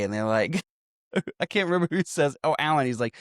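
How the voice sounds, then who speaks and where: An animated man with a lively, swooping voice, retelling a comedy film scene by scene and acting out each line. He swears freely and laughs along, and the room sounds dry. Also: medium pitch, moderate pace, long pauses, dry recording. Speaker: podcast co-host. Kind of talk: casual movie recap chat.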